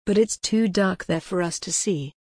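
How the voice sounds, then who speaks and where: A woman's voice: lowish voice, moderate pace, breathy edge, no echo, studio quality. Woman doing a small whimpering star puppy. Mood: worried.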